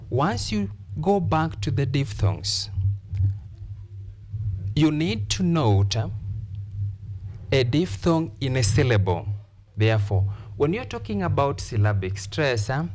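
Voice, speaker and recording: A man's voice: medium pitch, a little mellow. A man with a Kenyan accent teaching an English lesson, repeating key phrases and stressing words emphatically. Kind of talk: classroom lesson.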